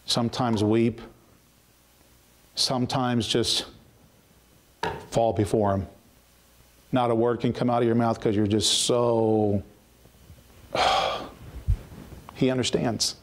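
A man's voice: medium pitch, fairly even intonation, slow, pauses often. A man preaching a sermon as pastor, reading scripture aloud and then retelling it in plain, earnest words. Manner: reads scripture aloud in King James wording, then paraphrases it plainly; earnest, with frequent repeated starts.

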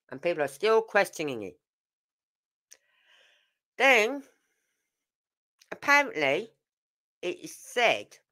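A woman's voice: on the low side, fairly bright tone. An older woman, hosting a true crime channel and giving casual, emphatic commentary full of rhetorical questions.

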